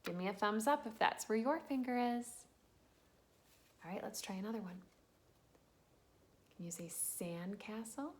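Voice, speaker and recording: A woman teacher with a medium-pitched voice leads a slow, patient phonics lesson for young children, sounding out letters and cheering them on.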